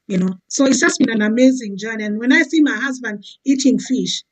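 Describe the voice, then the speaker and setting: A woman, a guest giving a testimony in relaxed chat, often saying "you know". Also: fairly high pitch, a little fast, low-quality recording. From Zambia. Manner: warm, filler-heavy, keeps saying "you know".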